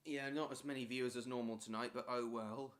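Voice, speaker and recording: A man's voice: medium pitch, fairly even intonation, brisk. A man talking casually on a live stream, answering viewers' chat messages one after another.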